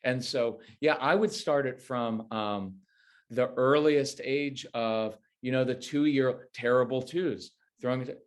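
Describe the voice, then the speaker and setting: A man talks through parenting advice as an interview guest. His voice sits at an ordinary pitch for a man. He is animated and slips into quoted parent lines as he explains. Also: takes it slowly.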